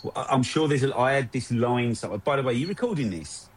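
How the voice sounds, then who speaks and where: A man's voice: medium pitch, fast, noisy background. Sweary, teasing man. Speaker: podcast guest. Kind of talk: casual chat.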